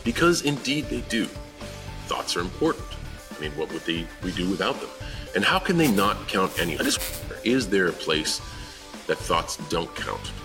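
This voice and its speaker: A man recording an earnest, deadpan shout-out as a famous wrestler-actor. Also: sits low, normal speed, over music.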